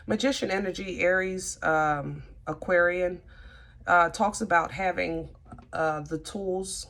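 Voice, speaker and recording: Low-voiced chatty tarot reader woman. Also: a bit bright. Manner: chatty, thinks aloud, talks to the cards. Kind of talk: casual tarot reading.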